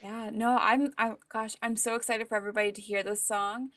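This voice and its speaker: A woman's voice: a little high, steady tone, brisk, a bit bright, no room sound. A woman interviewing a guest in a casual chat, eager and enthusiastic.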